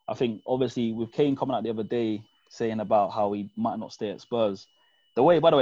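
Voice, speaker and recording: A man's voice: mid-range voice, darkish tone, breathy edge, no echo, lo-fi sound. A young man, chatting candidly and reflectively with fillers on a podcast. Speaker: podcast guest fan. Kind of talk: casual chat.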